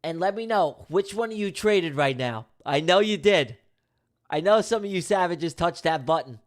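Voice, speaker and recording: A high-pitched man with lively intonation talks at a moderate speed during a day-trading livestream. He's casual and emphatic with his viewers, tossing out slang, jokes, and repeated lines.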